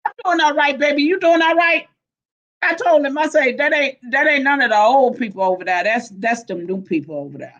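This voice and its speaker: A woman's voice: high-pitched, brisk, fairly bright tone, muffled recording. A woman hosting a casual livestream, laughing often as she greets viewers by name and reads their comments. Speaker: livestream host.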